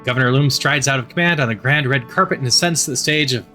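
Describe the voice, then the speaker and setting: Bright-voiced man narrating a game. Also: medium pitch, soft background music. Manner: reads quickly with stumbles and laughing asides.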